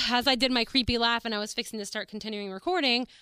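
A woman's voice: on the high side, fairly even intonation, fast talker, bright, forceful tone, clean tone, dry recording. A woman hosting her own podcast, chatting casually and bubbly with lots of fillers and laughs, from a small studio. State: out of breath. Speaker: podcast host. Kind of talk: casual solo podcast chat.

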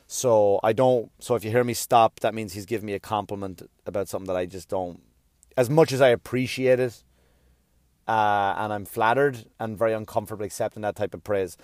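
A man's voice: on the low side, steady tone, a little fast, darkish tone, dry recording, studio quality. A middle-aged man hosting his own podcast in a casual, rambling monologue, stammering and restarting often and swearing offhandedly. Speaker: podcast host.

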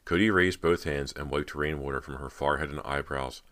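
A man narrating a horror audiobook in an even, measured way. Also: very deep voice.

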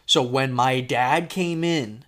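A man hosting a casual podcast chat, telling a story with lively acted-out quotes. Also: medium pitch, slow. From Florida. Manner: animated, acts out shouted quotes. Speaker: podcast host.

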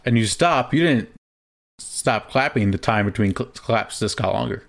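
A young male co-host with a lowish, creaky voice talks at normal speed on a podcast. His casual chat is laid-back, drifting slightly with some restarts.

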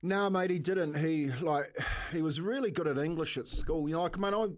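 A man's voice: a little high, normal speed. A middle-aged man with a New Zealand accent, co-hosting a radio show and telling stories casually, laughing often. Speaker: radio co-host. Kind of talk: casual storytelling.

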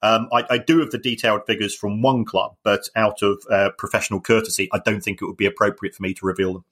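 A man co-hosting a podcast, explaining club finances in a measured way with frequent restarts. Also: fairly low pitch, flat delivery, a bit bright. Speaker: football finance expert co-host. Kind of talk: casual chat.

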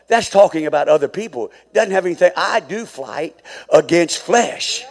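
A man's voice: sits high, lively intonation, moderate pace. Fervent preacher man in a reverberant hall. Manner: swings from hushed asides to fervent shouting. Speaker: pastor. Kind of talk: sermon.

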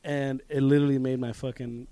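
A young man with a mid-range voice hosts a casual podcast chat, talking fairly quickly. He tells animated stories full of laughter and swearing.

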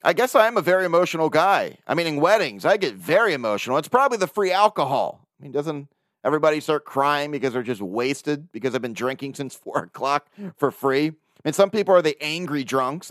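Lively-voiced man hosting a podcast. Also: on the high side, fast talker, no room sound, studio quality. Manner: animated, self-mocking, chuckles often. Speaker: podcast host. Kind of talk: casual monologue.

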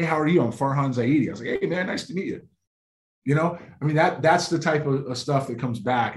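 A man, a former baseball scout, telling stories in casual chat and acting out the voices of people he talked to. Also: mid-range voice. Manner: animated storyteller acting out phone calls. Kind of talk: casual storytelling.

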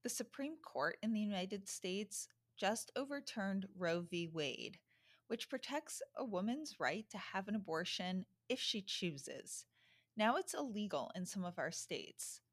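A woman giving an informational announcement for a social media account, deliberately spelling out web addresses. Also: mid-range voice, lively intonation.

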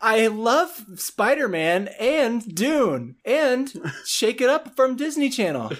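A man's voice: extremely high pitch, sing-song, exaggerated voice. A man doing a giggly young film star. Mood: breezy. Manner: giggly, halting improvised impression. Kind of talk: improvised comedy impression.

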